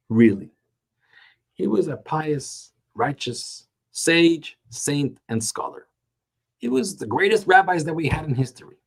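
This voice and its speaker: A man teaching a Talmud class, telling the story with animated emphasis and slowing down to stretch key words. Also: medium pitch, breathy edge. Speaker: Torah teacher.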